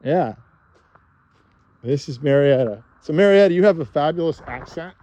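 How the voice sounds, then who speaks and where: A man's voice: a little high, animated, normal speed, warm tone, dull audio. A man hosting an outdoor chat in a yard, joking and enthusiastic as he interviews. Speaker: host, tree planter.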